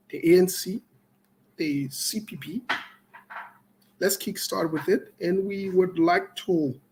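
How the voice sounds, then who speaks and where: The audio is poor, and the male host's voice is high. He runs a call-in talk program, greeting one caller after another by name with joking asides before shifting to political commentary, all at a slow, deliberate pace.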